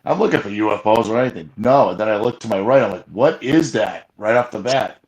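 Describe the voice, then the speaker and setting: A man excitedly retelling an encounter in casual live chat, rambling with frequent restarts and fillers. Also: lowish voice, fast, low-quality recording. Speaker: Bigfoot field investigator guest. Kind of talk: casual storytelling on a live show.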